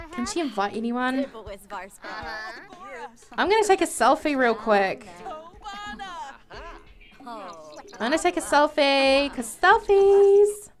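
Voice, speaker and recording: A woman chatting through a life-simulation game, giggling and exclaiming often. Her voice sits a bit high, and she talks at an unhurried, drawn-out pace between her bursts of excitement. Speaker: let's play gamer. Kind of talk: casual gameplay commentary.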